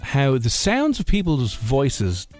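A man's voice: mid-range voice, slow pace, soft background music. Rambling radio host, man. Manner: rambling, jokey, lively. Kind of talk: casual radio chat.

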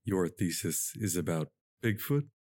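A man voicing a courteous, teasing giant male Bigfoot in a podcast reading of a monster romance, in a deep, polite voice. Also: expressive, dry recording, studio quality. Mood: gently teasing. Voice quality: deep, slow and gentle. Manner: polite, playful, a little formal. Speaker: podcast co-host.

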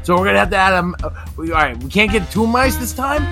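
A man's voice: high-pitched, lively intonation, fairly quick, gravelly, music in the background, pitched above the performer's own voice. A man doing a brash, pushy studio executive. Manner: brash, wheeling-dealing patter. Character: pushy loud male movie studio executive.

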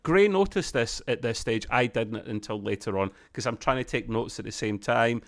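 A man's voice: mid-range voice, moderate pace. Chatty man reviewing a show. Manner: rambling, chatty, with frequent restarts. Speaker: podcast co-host. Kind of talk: casual TV review chat.

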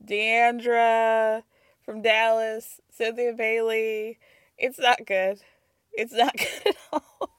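A woman with a cold hosts a casual recap, her voice sitting a little high. She gossips, laughs often and acts out quotes. The sound is close and dry. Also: no echo. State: has a cold. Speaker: podcast host.

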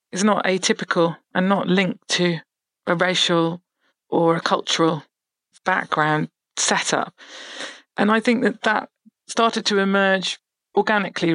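Thoughtful novelist, dry close sound. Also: male voice, high voice, fairly bright tone, no echo. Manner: thoughtful, measured, pauses mid-phrase. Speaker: novelist guest. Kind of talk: interview about his novel.

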